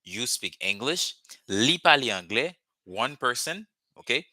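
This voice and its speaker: Man, Creole speaker, language teacher on a video call, repeats words slowly, dry close sound. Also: medium pitch, sing-song, sharp tone, no room sound. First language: Haitian Creole. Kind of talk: live online language lesson.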